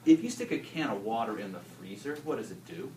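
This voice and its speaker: In a roomy classroom, a middle-aged male teacher walks through a demonstration, animated and joking, often restarting his sentences. His voice sits on the low side and moves briskly. He's recorded from a distance, with some noise beneath him.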